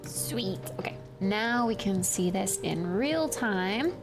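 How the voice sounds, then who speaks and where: Woman streamer, unhurried, quiet asides while working, music bed. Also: mid-range voice, animated. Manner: mutters and whispers to herself between chatty remarks. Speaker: streamer and 3D artist. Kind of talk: casual running commentary while working. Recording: background music under the voice.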